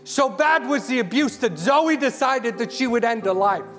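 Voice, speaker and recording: A man's voice: very high voice, lively intonation, normal speed, a bit bright. A man preaching an impassioned sermon, repeating words as he builds. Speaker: charity CEO, guest preacher. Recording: hall reverb with music.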